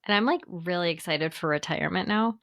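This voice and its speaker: A woman's voice: fairly low pitch, brisk, very noisy. A woman co-hosting a podcast in casual chat, telling candid stories about her own life. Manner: candid, storytelling with laughs between phrases. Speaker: podcast co-host.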